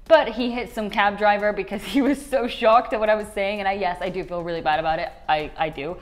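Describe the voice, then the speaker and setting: A woman's voice: mid-range voice, brisk. A young woman vlogging in a chatty, rambling way, often mocking herself. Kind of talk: casual vlog chat.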